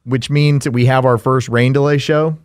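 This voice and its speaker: A man co-hosting a casual radio podcast who talks in a steady, organized way and admits he is a radio snob. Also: medium pitch, moderate pace, clear, resonant tone, dry recording, clean studio sound. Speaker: radio co-host.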